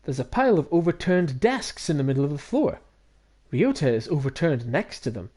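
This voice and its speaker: A man streaming a visual novel, reading it aloud with animated, laughing asides. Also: fairly high pitch, fairly quick.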